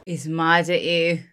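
A woman's voice: lowish voice, vocal fry, heavy background noise. A woman hosting a movie reaction, talking to the screen and getting emotional. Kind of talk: casual reaction commentary. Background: film soundtrack music.

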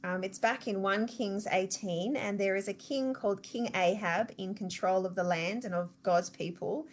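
A woman's voice: medium pitch, moderate pace, a little hiss or hum. Australian woman telling a Bible story. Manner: lively storyteller, conversational, addresses listeners directly. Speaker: church devotional speaker.

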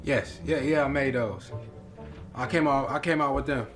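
A young man acting in a comedy sketch, boasting loudly that he invented everything. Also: mid-range voice, moderate pace, faint music behind. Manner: boastful, bragging.

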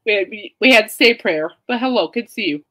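Woman podcast host, tearful, halting delivery, mid-range pitch; leads casual chat and prayer. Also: lively intonation, fairly bright tone, poor audio. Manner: emotional, halting, trying not to cry.

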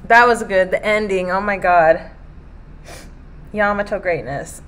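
A woman's voice: mid-range voice, unhurried, fairly bright tone. A young woman live-streaming her reaction while reading aloud, emotional and given to swearing and exclaiming.

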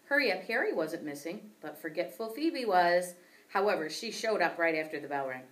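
A woman teacher reading a children's book aloud with expressive storytelling. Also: fairly low pitch, normal speed, recorded from a distance.

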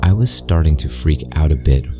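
A man narrating a scary story in a grave, deliberate scripted style. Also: extremely low pitch, expressive. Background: background music.

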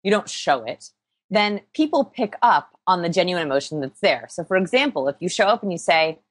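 A woman interviewed as an expert, explaining energetically with quick examples. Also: lowish voice, sing-song, no room sound. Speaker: interview guest, body language expert. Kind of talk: podcast interview.

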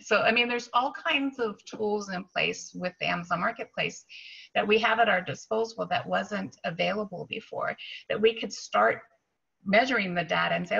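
A woman's voice: mid-range voice, normal speed, gravelly, bright, forceful tone, breathy edge, lo-fi sound. A woman guest talking in a casual, chatty conversation, restarting her sentences often. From United States. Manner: chatty, with frequent restarts and fillers. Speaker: guest, Amazon seller trainer.

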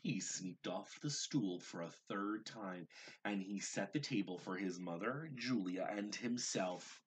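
A man teacher reading a picture book aloud to young children, gentle and expressive, adding asides about the pictures. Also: low-pitched, measured pace, slight background noise. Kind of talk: read-aloud storytelling.

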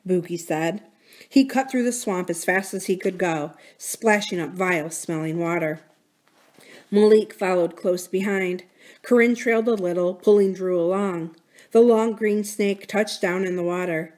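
A woman reading a children's novel aloud in a library storytime series, with expressive, dramatic delivery. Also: fairly low pitch, moderate pace.

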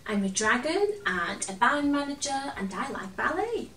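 A woman's voice: sits high, big pitch swings, moderate pace, a bit bright, far from the mic, faint music behind, voice pushed up. Woman doing a shy, bookish young dragon. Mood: eager. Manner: eager and a little stammering. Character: friendly, shy young male dragon who loves books. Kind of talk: storybook read-aloud. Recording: roomy echo, from off the mic.

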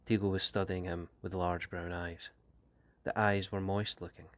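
A man, an English teacher, reading a short story aloud in a steady, unhurried way. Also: sits low.

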